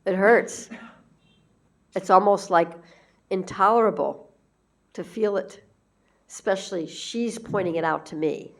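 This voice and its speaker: A woman spiritual teacher giving a gentle, conversational devotional talk and acting out quoted lines. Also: medium pitch, a little slow, long pauses.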